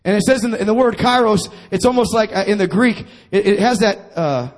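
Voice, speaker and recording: A man's voice: high-pitched, fairly quick. A man preaching a sermon to his congregation, calling for responses and repeating his phrases. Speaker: pastor.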